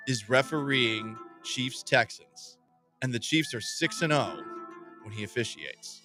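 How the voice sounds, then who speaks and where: A man hosting a sports radio show, animated and jokey, reading listener comments aloud in casual chat. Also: medium pitch, a little slow, soft background music.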